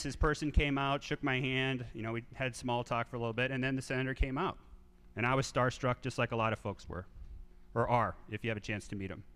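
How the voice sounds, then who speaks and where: A man in his thirties telling animated stories to a live audience from a theater stage, acting out voices. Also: medium pitch, clear, resonant tone. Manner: animated anecdotes, acts out quoted voices. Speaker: speaker at a civic event. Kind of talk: storytelling talk to a live audience. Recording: reverberant theater sound.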